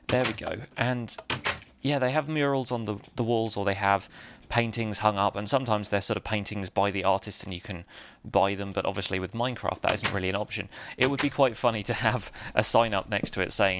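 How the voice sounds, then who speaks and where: Chatty, gravelly man. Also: lowish voice, steady tone, brisk, fairly bright tone, a little hiss or hum. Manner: chatty, self-deprecating, laughs often. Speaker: Minecraft let's-play host. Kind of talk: casual gameplay commentary.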